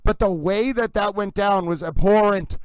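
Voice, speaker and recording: A man hosting a live commentary stream, theatrically exasperated, swinging between yelling and low muttering. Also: normal speed, clear, resonant tone, no echo, poor audio. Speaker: livestream host commenting on a trial.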